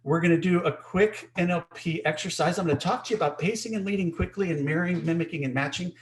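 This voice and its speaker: A man's voice: on the high side, fast. A man co-hosting an online webinar, explaining ideas emphatically and often checking in with the listeners. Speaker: co-host teaching a webinar. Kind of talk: webinar teaching.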